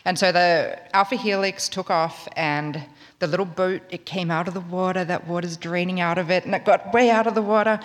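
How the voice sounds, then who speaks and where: A woman's voice: lowish voice, fairly even intonation, a little fast. A woman from Australia with an Australian accent, telling a wry, humorous true story in a conversational way. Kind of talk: live spoken storytelling. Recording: long reverb of a large hall.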